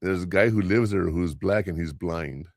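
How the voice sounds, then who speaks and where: Gravelly low-voiced older male comedian. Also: dry recording, studio quality. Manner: rambling storyteller, quick asides. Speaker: podcast host and stand-up comedian. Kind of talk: casual podcast chat.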